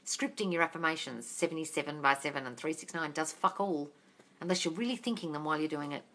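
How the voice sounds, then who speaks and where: An Australian manifestation coach hosts a casual live-stream Q&A on her phone, reading viewers' comments aloud and answering them bluntly with lots of swearing. Her voice sits low with a fairly bright tone, and she speaks quickly.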